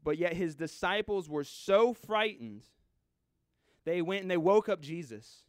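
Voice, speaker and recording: A man preaching a sermon in a conversational way, swinging from loud, urgent lines to hushed ones. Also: high voice, lively intonation, a little slow, dry recording, studio quality.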